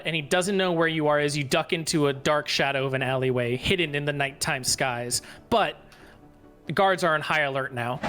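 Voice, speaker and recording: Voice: medium pitch, fairly bright tone. A game master narrating a tabletop fantasy game with plenty of swearing and laughter. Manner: profane, laughs while narrating.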